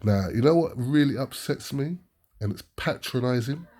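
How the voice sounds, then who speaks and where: Husky man ranting with rhetorical questions. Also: medium pitch, normal speed. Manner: animated, rhetorical, keeps asking "yeah?". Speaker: preacher and weekly news commentator. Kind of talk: ranting commentary.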